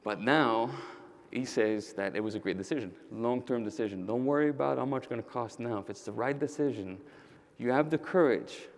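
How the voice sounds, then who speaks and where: Energetic man giving a keynote. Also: medium pitch, a little fast. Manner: energetic, directly addresses the audience; storytelling with quoted dialogue. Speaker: keynote speaker, roofing company owner. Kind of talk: conference keynote talk.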